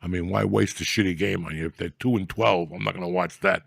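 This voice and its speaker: A middle-aged man hosting a podcast, talking in a rambling, profane, mock-gruff comic style. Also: sits low, steady tone, quick pace, fairly bright tone, no room sound, clean studio sound. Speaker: podcast host. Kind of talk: casual comedic rant.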